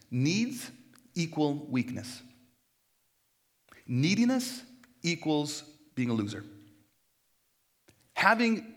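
A man preaching a sermon in a conversational, animated way, now and then acting out quoted voices. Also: a little high. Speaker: pastor.

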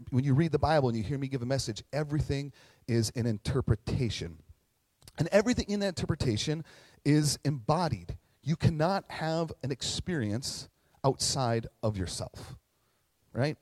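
A young man preaching in a relaxed, conversational way, telling stories and slipping into the voices of the people he quotes. His voice sits at an ordinary middle pitch. The sound is dry and close, with little room echo. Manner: casual, storytelling, acts out quoted voices. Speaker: pastor. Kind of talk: sermon.

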